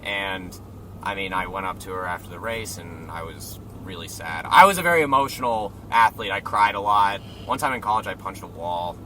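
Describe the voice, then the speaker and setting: A young man, a comedian, chatting casually in a moving car, telling animated stories, acting out quotes and swearing freely. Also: deep voice, moderate pace. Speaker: stand-up comedian guest. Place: inside a car driving through a city. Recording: car and road noise.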